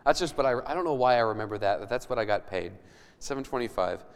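A man's voice: medium pitch, animated, fast, clean tone. A male pastor preaching a sermon, reading scripture aloud and then explaining it conversationally with emphatic rising questions. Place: church hall. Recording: long hall reverb.

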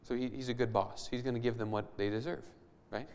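A man's voice: mid-range voice, fairly even intonation, a little fast, darkish tone, a little hiss or hum. Preacher man in a reverberant church hall. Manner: reads scripture aloud then explains it conversationally, with rising emphatic questions. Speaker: pastor. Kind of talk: sermon.

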